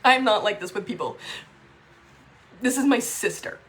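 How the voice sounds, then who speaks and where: A woman talking to camera in a raw, emotional vlog, upset and swearing, with halting restarts. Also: mid-range voice, expressive, fairly bright tone. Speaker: vlogger.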